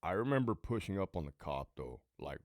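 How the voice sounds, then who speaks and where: A man's voice: low voice, big pitch swings, fairly quick, dry recording, studio quality. A man in his late thirties from Southern California, telling rambling, profane stories from his own life in a casual way. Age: late 30s. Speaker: channel host and ex-prison guard.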